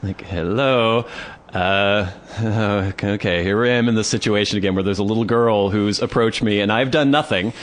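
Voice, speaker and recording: A man's voice: fairly low pitch, fast, hardly any pauses. A man co-hosting a podcast, telling a story in casual chat and acting out other people's voices. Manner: animated storyteller, acts out voices. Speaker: podcast co-host.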